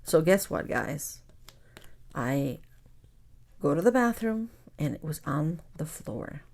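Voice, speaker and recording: Chatty woman with a gravelly low voice. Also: very animated, takes it slowly, darkish tone. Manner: chatty storyteller, calls her viewers "guys", drops to whispers. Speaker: crafting channel host. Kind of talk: casual chat while crafting.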